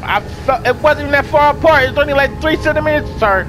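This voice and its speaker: A man giving casual, excitable let's-play commentary, swearing freely and talking to his viewers and the game's characters. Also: extremely high pitch, fast talker, music in the background. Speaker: gaming video host.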